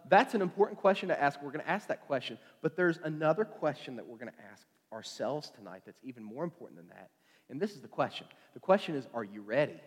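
A man preaching a casual evening sermon, chatty and joking, with lots of fillers and restarts. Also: mid-range voice. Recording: long hall reverb.

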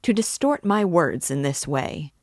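A woman reading as a pompous, supercilious gentleman. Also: low voice, a little slow, dry recording, clean studio sound. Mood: indignant. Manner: supercilious and stiffly formal. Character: pompous, touchy middle-aged gentleman suitor.

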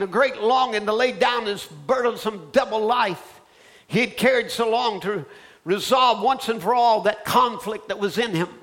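A man preaching a sermon, telling a story that builds into fervent, shouted preaching. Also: high-pitched.

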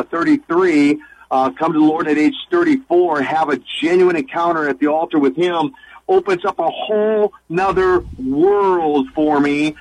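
This radio guest is a man in his sixties who used to be a wrestler and a minister, and he comes across earnest and eager, full of restarts and lengthy lists. His voice sits a little high, over slight background noise in a low-quality recording.

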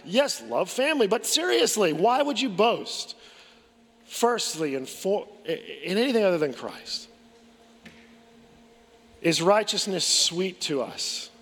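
A man's voice: high voice, very animated, slow, pauses often, fairly bright tone, husky. A man preaching a sermon as pastor, earnest, asking rhetorical questions and restarting his phrases. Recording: long hall reverb.

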